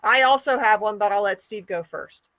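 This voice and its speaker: A woman hosting an online group call, talking in a slow, earnest, lecturing way. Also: medium pitch, a crowd in the background. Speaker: host of an online hangout. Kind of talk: casual group chat.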